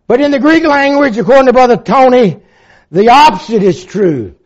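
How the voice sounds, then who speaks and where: A man of seventy-four preaching a sermon with fervor, swinging from loud emphasis to hushed reflection and quoting old-fashioned scripture. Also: very high-pitched, expressive, moderate pace. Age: 70s. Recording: dull lo-fi recording.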